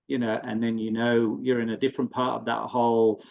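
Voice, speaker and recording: A man, a doctor on a video-call panel, speaking in a relaxed, conversational way. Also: medium pitch, a little fast, gravelly, highs cut off. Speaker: general practitioner. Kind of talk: webinar panel discussion.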